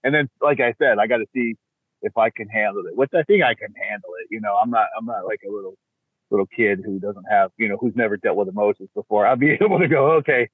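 A middle-aged man chatting as a podcast guest, animated and laughing often, slipping into voices as he talks. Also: fairly low pitch, fast talker, slightly rough, no room sound. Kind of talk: casual chat. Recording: thin phone-like line, dry.

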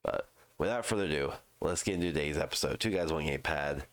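A congested man, hosting a true crime show and reading a news article aloud, halting with fillers and restarts. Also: extremely low pitch, dry recording. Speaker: true crime podcast host.

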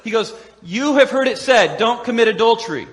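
A man preaching a sermon as pastor, animated and laughing often as he acts out the voices of crowds and quotes. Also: very high-pitched, fairly quick. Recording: echoey hall with long reverb.

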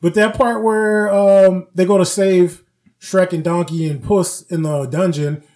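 A man co-hosting a casual podcast, telling stories with lively acted-out quotes. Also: high voice, a little slow. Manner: animated storyteller, acts out quotes. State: recovering from flu. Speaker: podcast co-host. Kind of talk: casual chat.

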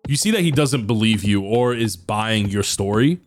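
A man's voice: fairly low pitch, animated, normal speed, a little hiss or hum. A man narrating a tabletop role-playing game as dungeon master, chatty and loose with many fillers.

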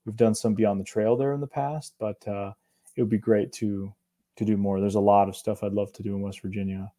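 Speaking fairly quickly in a warm, level, fairly low voice, a young northern Appalachian man co-hosts a cryptid show. His talk is easygoing and meandering, punctuated by frequent chuckles.

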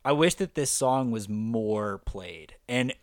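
A man's voice: mid-range voice, animated, slow pace, no room sound. Chatty man with a dry, close sound. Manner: chatty, heavy use of "like", enthusiastic. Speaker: podcast co-host. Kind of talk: casual chat.

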